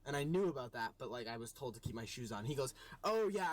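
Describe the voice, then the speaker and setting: A man from the United States telling a casual story with exasperated, animated retellings and voiced quotes. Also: medium pitch, quick pace. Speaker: co-host.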